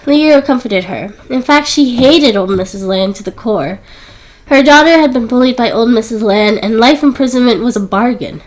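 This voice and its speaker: High-voiced woman reading a story aloud. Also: lively intonation, normal speed, rough recording. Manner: lifts her voice higher for quoted characters. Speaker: audiobook narrator. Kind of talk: scripted narration.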